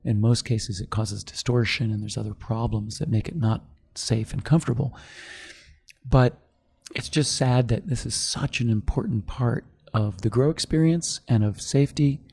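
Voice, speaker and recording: A middle-aged man, a company founder, telling his story in a podcast interview, animated and quick to act out what others said. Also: mid-range voice, gravelly, husky. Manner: animated storyteller, acts out quoted voices.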